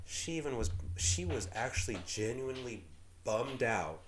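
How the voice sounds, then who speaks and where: A man co-hosting a casual podcast, telling stories and acting out the scenes with lively, swooping pitch. His voice sits mid-range for a man. A faint hiss runs underneath. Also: normal speed. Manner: animated, acts out scenes, laughs. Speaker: podcast co-host.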